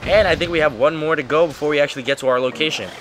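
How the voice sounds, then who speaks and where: Casual, joking male let's play host, slightly high voice, swears freely, over game music. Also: racing. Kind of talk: casual gameplay commentary.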